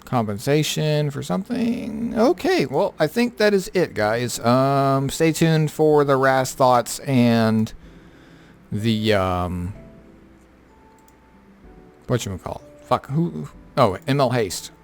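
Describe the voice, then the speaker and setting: A man's voice: mid-range voice, lively intonation, slow, vocal fry, soft background music. A tired man who has been up all night, casually going over game patch notes with lots of fillers and offhand remarks. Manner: rambling, filler-heavy, offhand. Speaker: gaming content creator.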